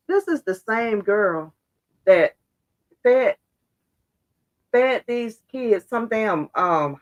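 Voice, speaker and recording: A woman giving blunt, fired-up opinion commentary straight to her viewers, her voice hoarse and congested. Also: medium pitch, rough recording. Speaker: social media commentator.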